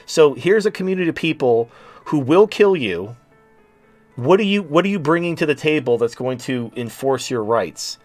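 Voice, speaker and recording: A man's voice: a little high, lively intonation, normal speed, faint music behind. A man in his late thirties hosting a talk show, ranting in a blunt, sarcastic and profane way. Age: late 30s. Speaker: podcast host. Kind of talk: casual talk-show rant.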